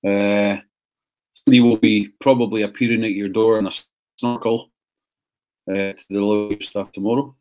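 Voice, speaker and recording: A man's voice: lowish voice, flat delivery, normal speed, pauses often, lo-fi sound. A man hosting a casual livestream, bantering with viewers and swearing freely. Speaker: livestream host.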